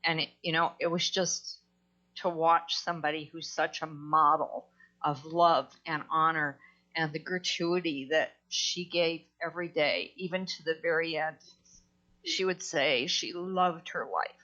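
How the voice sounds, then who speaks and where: A woman's voice: deep voice, fairly even intonation, unhurried, bright, forceful tone, lo-fi sound. A woman giving a heartfelt memorial tribute over a video call, tearful and close to crying. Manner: emotional, heartfelt. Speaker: mourner giving a eulogy.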